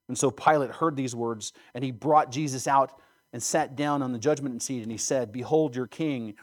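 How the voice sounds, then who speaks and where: A man's voice: medium pitch, expressive, normal speed, darkish tone. Man reading scripture dramatically in a sermon. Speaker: preacher.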